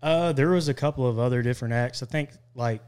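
A man's voice: mid-range voice, quick pace, darkish tone, smooth. A man, a musician guest on a podcast, talking easygoing and modest. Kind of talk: casual chat.

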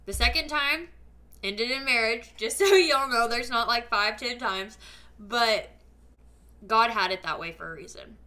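A podcast host gives a faith-based motivational talk to her listeners, casual yet emphatic and earnest, with lots of fillers. Her voice is a little high and bright, her pace measured, her tone forceful.

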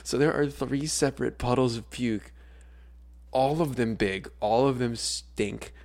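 A young man and schoolteacher co-hosting a podcast, telling a story with lively acted-out quotes. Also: medium pitch, a little slow. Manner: animated storyteller, acts out quotes loudly. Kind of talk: casual storytelling chat.

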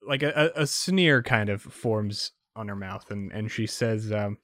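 Low voiced guy running a tabletop game, rambly hedgy narration, dry close sound. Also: unhurried, few pauses, fairly bright tone, no room sound. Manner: loose, hedging with fillers. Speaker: game master.

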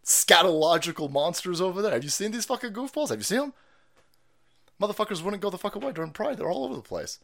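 A man hosting a stream, ranting profanely with sudden shouts and mocking put-on voices. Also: sits high, sing-song, fast, vocal fry. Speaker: streamer host. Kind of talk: profane political rant commentary.

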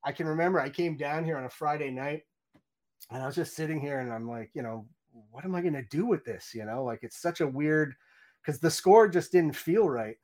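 In a candid interview, a middle-aged game audio director rattles off stories at speed, quoting his own reactions and peppering his talk with "you know" and false starts. He has a fairly high voice with a darkish tone.

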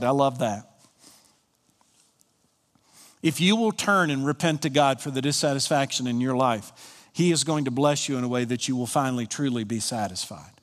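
A man from Colorado preaching a sermon as pastor, emphatic and swinging from hushed lines to soaring ones. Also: fairly high pitch, normal speed, long reverb tail.

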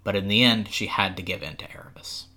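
A man reading a storybook aloud with steady, expressive narration on a podcast. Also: lowish voice, quick pace. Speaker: podcast host, reader.

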